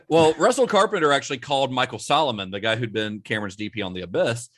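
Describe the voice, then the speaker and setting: A man's voice: medium pitch, quick pace, fairly bright tone, no room sound, clean studio sound. A man hosting a podcast, telling a film story in a casual, rambling way with many fillers and laughs. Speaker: podcast host.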